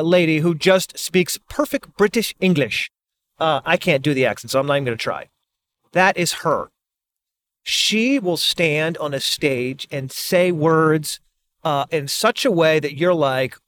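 A middle-aged man, a speaker and author, talking in a casual, animated monologue and acting out quoted reactions. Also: fairly high pitch, slight background noise.

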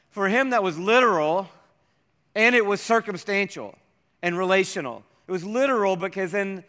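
A man preaching a sermon as a pastor, slowing down and dropping almost to a hush to stress his points. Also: high voice, clean tone. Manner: slows down and drops to near-whispers for emphasis. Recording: reverberant hall.

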